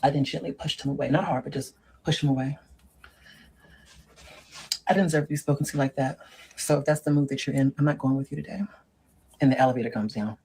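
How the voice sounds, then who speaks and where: The voice is mid-range, mellow and husky, moving quickly but leaving long pauses. A performer plays a sassy middle-aged woman doling out dating advice in a comic monologue, repeatedly calling the listener "girl" and "honey"; the recording is low quality.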